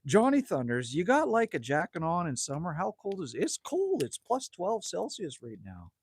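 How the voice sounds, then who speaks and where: A man's voice: high voice, wildly swooping pitch, normal speed, slightly rough. A man in his fifties from Canada, hosting a casual livestream at his cabin and bantering crudely with chat. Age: 50s. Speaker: livestream host. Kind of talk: casual live chat reading viewer comments. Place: outdoors at a cabin by a campfire.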